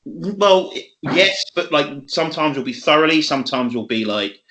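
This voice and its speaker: A young man co-hosting a casual chat podcast, swearing a lot and laughing often as he tells animated stories. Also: a little high, moderate pace, a little hiss or hum. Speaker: podcast co-host.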